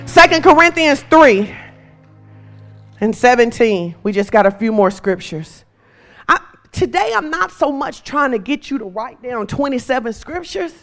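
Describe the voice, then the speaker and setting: A woman pastor preaching a sermon in a church, impassioned and repetitive, rising to shouts. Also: on the high side.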